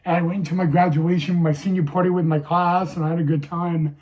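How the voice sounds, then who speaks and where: A young man telling a personal story to viewers, halting and emotional, with many restarts. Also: fairly high pitch, fairly even intonation, darkish tone.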